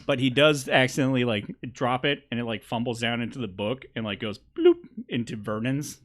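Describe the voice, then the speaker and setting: A young man narrates a tabletop game as its game master, his pitch swinging up and down with lively energy. He talks loosely and breaks into laughter often, keeping things playful. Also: fairly quick.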